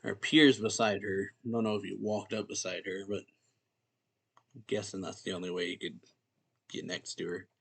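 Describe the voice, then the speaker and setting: A man's voice: on the low side, steady tone, normal speed, vocal fry, pauses often, a bit bright, slightly rough. A man hosting a manga reaction video, recapping a chapter in a loose, conversational way and filling gaps with "like" and "yeah". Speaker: manga reaction channel host.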